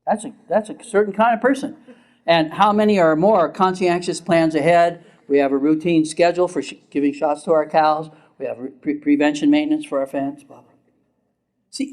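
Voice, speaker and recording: A man's voice: a little high, darkish tone. An older man, a therapist, lecturing a class in a casual, chatty way, laughing often and asking the audience questions.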